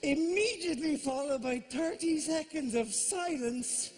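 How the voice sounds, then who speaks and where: An Irish man performing live stand-up comedy, rambling quickly and breaking into shouted, panicky asides. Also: very high voice, a little hiss or hum. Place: theatre stage. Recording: live venue with audible audience ambience.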